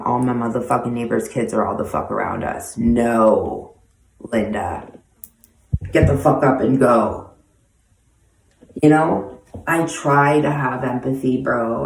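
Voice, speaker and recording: A woman's voice: a bass voice, a little mellow. A woman in her forties telling stories from her own life in a casual monologue, speaking bluntly with heavy profanity and street slang. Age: 40s. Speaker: host answering viewer questions. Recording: echoey room, voice far from mic.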